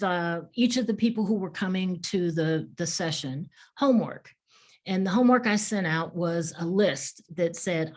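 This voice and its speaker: A woman with a slightly low voice teaches a webinar for fundraisers. She tells stories from her trainings in an earnest, encouraging way. She speaks straight to her listeners, like a coach.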